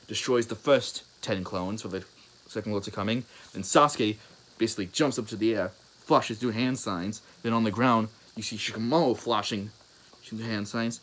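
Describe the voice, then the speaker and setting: A young man with a deep, low voice makes up a fan story as he goes, stopping, restarting and reaching for words. A faint hiss of noise sits under the recording. His telling is loose and unscripted. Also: steady tone, fairly bright tone, rough recording. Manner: halting, rambling, with many restarts and fillers. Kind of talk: improvised spoken fan story.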